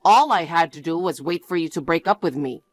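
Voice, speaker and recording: A woman's voice: lowish voice, expressive, fairly quick, dry recording, soft background music, voice pushed down. A woman voicing a smug, cheating young fiancé in a one-voice story narration, talking in a dismissive, self-justifying way.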